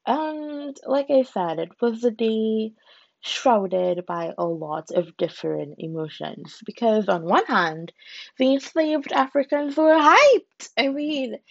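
A young adult woman from the British Caribbean hosts a casual solo podcast, chatty and laughing at herself, her emphasis swinging lively. Her voice sits on the high side and is gravelly, and she takes her time. The recording is dull with no room sound.

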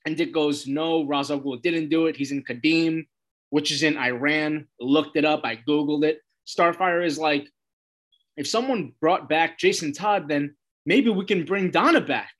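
A man's voice: on the high side, unhurried, fairly bright tone. A man giving a casual, loose recap of a TV episode, retelling scenes and quoting the characters with lots of "he's like" as he goes.

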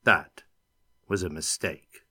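A male audiobook narrator reading in a steady, dramatic storytelling manner. He takes his time, with a lowish but bright voice, recorded close and dry. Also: slow, breathy edge, no room sound. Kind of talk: scripted narration.

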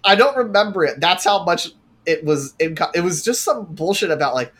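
A casual co-host talks through a recap at a middling pitch, cursing freely in an exasperated way. The delivery is a loose, rambling retelling between friends. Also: animated, a little fast, a bit bright, husky. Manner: profane, exasperated storytelling. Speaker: podcast co-host. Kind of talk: casual chat recapping a show.

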